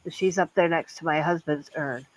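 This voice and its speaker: An older woman, a guest in a casual chat, talking haltingly with many restarts about a loss. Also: low-pitched, poor audio.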